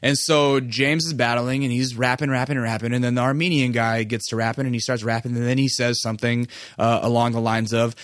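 A man in his thirties spins a long story on his podcast, loose and profane, full of fillers. His voice sits at an everyday middle pitch. The sound is dry and close. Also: fairly quick, hardly any pauses, dry recording. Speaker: podcast host. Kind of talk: casual storytelling monologue.

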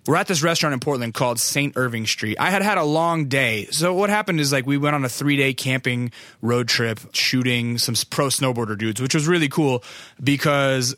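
A man's voice: medium pitch, fairly quick, fairly bright tone, no room sound, clean studio sound. Young man telling a rambling story. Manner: rambling, profane, heavy on "like" fillers. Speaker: photographer. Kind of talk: casual storytelling.

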